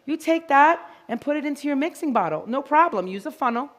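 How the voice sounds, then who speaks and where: A woman giving a lively, jokey live dog-grooming demonstration to an audience of groomers. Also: sits high, a little fast. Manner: energetic, chatty, jokey.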